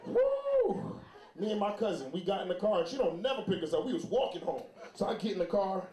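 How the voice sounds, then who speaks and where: A man doing a loud, animated stand-up comedy set, telling stories and shouting some bits. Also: sits high, quick pace. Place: comedy club stage. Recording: roomy club with crowd. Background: audience laughter.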